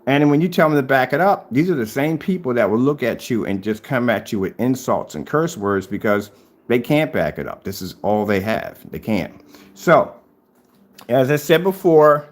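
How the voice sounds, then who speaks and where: A man's voice: lively intonation, moderate pace. A man in his fifties talking straight at a rival in a confrontational home vlog, taunting and repeating his challenge over and over. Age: 50s. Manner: taunting and repetitive, pitch jumping up on challenges. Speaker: DIY projector screen paint vlogger. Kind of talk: confrontational video rebuttal. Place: at home, showing his screen.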